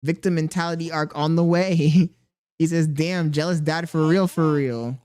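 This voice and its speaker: A man's voice: on the high side, fairly even intonation, normal speed, darkish tone, clean tone. Playful male streamer talking to chat. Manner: reads chat comments aloud and coos to a baby; playful, mock self-pitying. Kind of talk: casual livestream chat.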